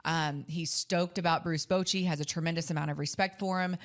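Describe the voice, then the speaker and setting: Chatty woman co-host, lower voice. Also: steady tone, brisk. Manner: chatty, self-interrupting, enthusiastic. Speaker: podcast co-host and sports reporter. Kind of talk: casual sports chat.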